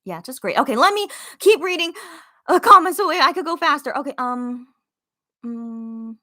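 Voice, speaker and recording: Bright-voiced excited woman fan host. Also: sits high, moderate pace. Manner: excited, gushing fan talk with many fillers. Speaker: podcast host reading live chat comments. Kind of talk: casual livestream chat.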